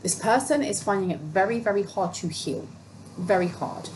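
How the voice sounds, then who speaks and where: Woman, tarot reader, casual and emphatic, mid-pitched voice, steady background noise. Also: moderate pace. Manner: chatty, emphatic, repeats phrases for stress. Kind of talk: casual tarot reading to camera.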